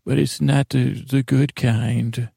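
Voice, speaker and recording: Sleepy gravelly guy in his 40s, flat mellow monotone, stumbling through a bedtime ramble. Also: medium pitch, slow, no echo, studio quality. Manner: meandering, stammering, with many restarts; drowsy, deadpan. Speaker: podcast host.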